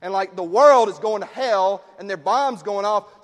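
A man preaching a sermon in a conversational way, dropping low and quiet on his key points. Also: normal speed, few pauses, long reverb tail. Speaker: pastor.

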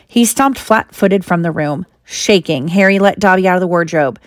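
A woman, a mother, reading a storybook aloud to her child in steady narration. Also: on the low side, moderate pace, hardly any pauses, no room sound, studio quality.

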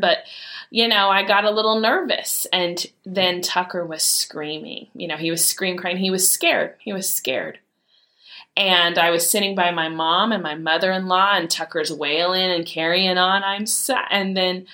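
A woman, telling heartfelt family stories in an earnest, animated way as a mother. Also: fairly low pitch. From Michigan, USA. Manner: earnest, heartfelt, animated retelling with quoted dialogue. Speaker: mother sharing a personal story. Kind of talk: personal storytelling talk.

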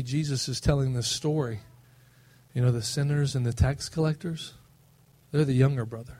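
A male pastor preaching a sermon, emphatic and swinging between loud passages and soft, low ones.

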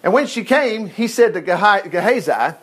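A middle-aged man preaching a sermon as pastor, telling stories in a folksy, animated way with chuckled asides. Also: sits high, moderate pace, breathy edge.

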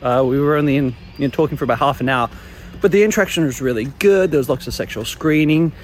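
A young man telling his own embarrassing stories in a casual, animated way, chuckling along as he goes. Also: on the high side, fast talker, a little hiss or hum. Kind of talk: casual storytelling monologue.

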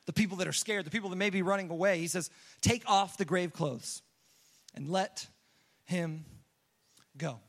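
Bright-voiced young male preacher. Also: high-pitched. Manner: animated storytelling, acts out quotes, casual fillers. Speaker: pastor. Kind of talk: sermon.

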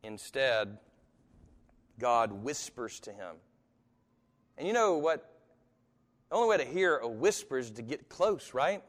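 A man's voice: mid-range voice, lively intonation, a little slow, fairly bright tone. A man preaching a live sermon to an audience, talking conversationally with sudden emphatic rises and occasional chuckles. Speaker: pastor. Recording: long hall reverb.

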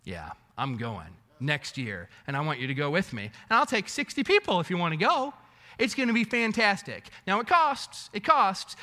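A man preaching a sermon as pastor, telling a story with animated swings between loud bursts and hushed asides. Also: very high-pitched. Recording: echoey hall reverb.

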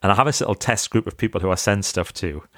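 A man telling lively, self-mocking stories in a casual chat over a video call from his office library. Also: lowish voice, quick pace, dry recording, studio quality. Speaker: podcast guest, author.

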